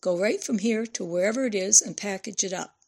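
A woman voicing a shrewd older woman who gives brisk, commanding instructions, with a slight fry in her voice. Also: mid-range voice, a little mellow. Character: shrewd older woman handing over cash.

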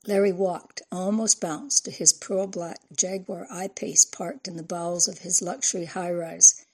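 Gravelly-voiced woman narrating a novel. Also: lowish voice, a little mellow. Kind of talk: audiobook narration.

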